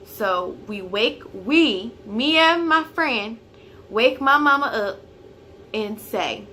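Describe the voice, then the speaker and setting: Bright-voiced woman telling a story. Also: fairly high pitch, animated, slow, slight background noise. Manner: chatty, filler-heavy storytelling; grows loud and heated when retelling the fight. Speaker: vlogger. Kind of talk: casual storytime vlog.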